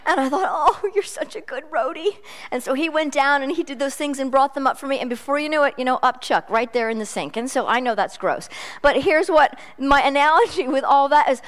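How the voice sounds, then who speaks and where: A woman's voice: high voice, fairly bright tone. A middle-aged woman preaching a sermon in a chatty, self-deprecating storytelling way.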